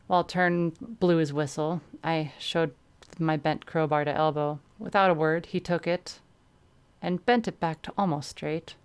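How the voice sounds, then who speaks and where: Woman streamer reading her story out loud, lowish smooth voice, chatty asides. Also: steady tone, unhurried. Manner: breaks off to laugh and comment. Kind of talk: first-person story narration.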